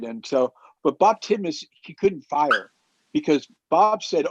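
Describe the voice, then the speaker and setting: A man telling a long anecdote in casual talk, animated and acting out the quoted people as he goes. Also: fairly high pitch, a little slow, dry recording. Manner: animated storyteller who acts out quotes. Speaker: roundtable guest. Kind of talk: casual storytelling. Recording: dull muffled dry sound.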